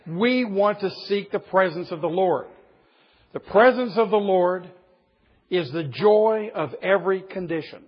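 A man's voice: high voice, measured pace, husky. A man in his fifties, a pastor preaching a sermon in an emphatic, humorous storytelling way. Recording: dull lo-fi recording.

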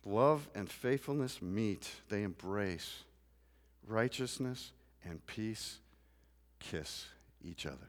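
A man preaching a sermon in a church, moving from quiet scripture reading to loud, rising emphasis. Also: fairly low pitch, lively intonation, takes it slowly. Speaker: pastor. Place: church sanctuary. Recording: long church reverb.

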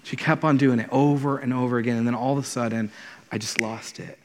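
A man's voice: medium pitch, fairly even intonation, a little fast, background noise. A man, a pastor, preaching a conversational and earnest sermon in his thirties, often repeating words as he starts a thought. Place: church sanctuary. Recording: long hall reverb.

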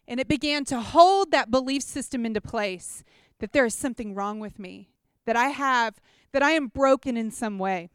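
High clear-voiced woman giving a testimony. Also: normal speed, hardly any pauses, no room sound, clean studio sound. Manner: chatty, animated storytelling with props; checks in with listeners often. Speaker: speaker at a church gathering. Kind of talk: personal testimony teaching.

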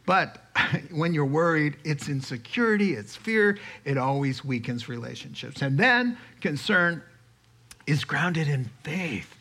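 A man preaching from the pulpit with a bright, forceful voice that sits a little high. He teaches in an animated way, acting out anxious quoted voices and chuckling now and then. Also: unhurried. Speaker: pastor. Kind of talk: sermon.

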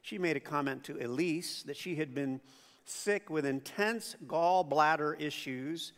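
High-voiced pastor preaching in a hall. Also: male voice, a little slow. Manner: conversational, animated storytelling with acted-out quotes. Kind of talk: sermon. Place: church auditorium.

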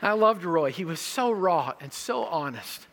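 A male pastor preaching a sermon, telling stories and moving between quiet moments and loud emphasis. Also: high-pitched, sing-song, measured pace.

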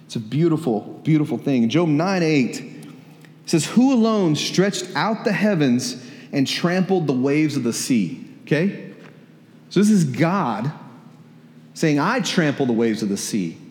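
A man's voice: on the high side, sing-song, measured pace, a little mellow. A man preaching a sermon in a church, conversational, repeating words and asking the congregation questions. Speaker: pastor. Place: church hall. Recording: echoey hall.

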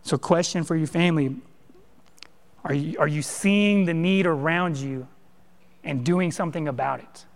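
A man preaching a sermon as a pastor, in an animated, conversational style with direct address to the congregation. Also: fairly high pitch, normal speed, pauses often, big-room sound. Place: church sanctuary.

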